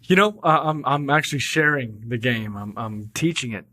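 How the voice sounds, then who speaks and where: A man, a golf coach from Texas, talking as a podcast guest in a laid-back, halting way. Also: mid-range voice, expressive, pushed and bright. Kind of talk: casual podcast chat.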